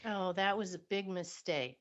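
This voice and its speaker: A woman's voice: lowish voice, measured pace. A woman co-hosting a casual podcast chat, chiming in with short wry remarks. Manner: wry interjections. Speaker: podcast co-host. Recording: dull lo-fi sound.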